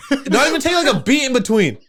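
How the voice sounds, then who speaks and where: A young man co-hosting a podcast in casual chat, animated, laughing often and swearing freely. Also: very high voice, quick pace. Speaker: podcast co-host.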